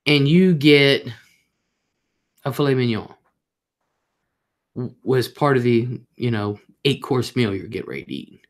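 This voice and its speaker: A woman hosting a casual livestream, chatting straight to her viewers in a rambling, talkative way. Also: very deep voice. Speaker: livestream host.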